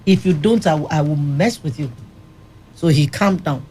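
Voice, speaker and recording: A woman's voice: low voice, moderate pace, mellow, husky. A woman who runs a rehab center, telling firm, vivid stories on a radio studio panel. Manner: firm, vivid anecdotal storyteller. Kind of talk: studio panel discussion, storytelling.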